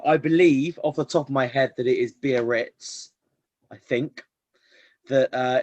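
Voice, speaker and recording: Male co-host, laid-back and dry, mid-pitched, close dry sound. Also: a little mellow, no echo. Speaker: podcast co-host. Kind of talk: casual chat.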